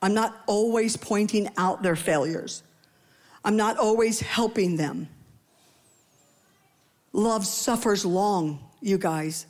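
A woman preaches slowly, pausing often, her voice darkish in tone. Her sermon stays playful and conversational with asides to the congregation, and she acts out quoted voices with a rising pitch.

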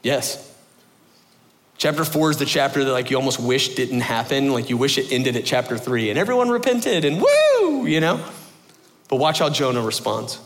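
A man's voice: mid-range voice, wildly swooping pitch, moderate pace. A man preaching a sermon in a loose, chatty style. He restarts his phrases often and fills the gaps with everyday filler words. His voice rings out with a long reverb through a church sanctuary. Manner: casual, conversational preaching with frequent fillers and restarts. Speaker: pastor.

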